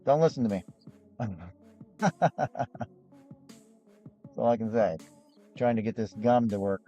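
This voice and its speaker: A hoarse man, losing his voice, hosts a live gem and fossil sales show in a rambling, chatty way with frequent restarts. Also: on the low side, slow, dark tone, dull audio, faint music behind. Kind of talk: casual live-stream sales chat.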